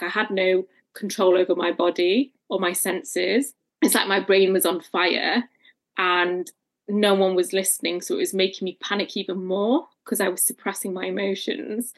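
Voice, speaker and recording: Woman telling her story in an interview, does little voices for people she quotes, average pitch. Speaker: interview guest. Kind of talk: personal storytelling in conversation.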